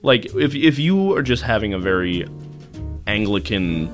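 A young man co-hosting a casual podcast, his voice sitting a little low but swinging widely as he acts out little scenes. He talks loosely with restarts and laughs through his anecdotes. Faint music plays under the talk. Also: a little slow. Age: young adult. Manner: animated storytelling with voiced asides and laughter. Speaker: podcast co-host. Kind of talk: casual chat.

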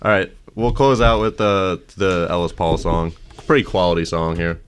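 A young man hosts a casual radio show, teasing his caller in a dry, amused way. His voice sits very low. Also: steady tone, moderate pace, smooth. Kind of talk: casual chat.

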